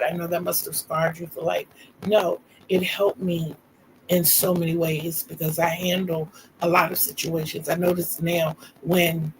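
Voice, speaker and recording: A woman's voice: on the low side, a little hiss or hum, rough recording. A middle-aged woman, hosting a livestream and telling personal stories in a casual, chatty way to viewers she calls y'all. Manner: warm storyteller, laughs often, talks to viewers as y'all. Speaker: livestream host. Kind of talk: casual storytelling chat.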